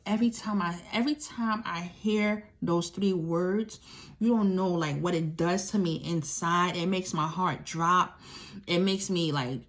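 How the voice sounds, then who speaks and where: A young woman who survived domestic violence shares her story, her voice on the low side and a little slow. She talks candidly and emphatically, repeating key phrases and addressing listeners directly.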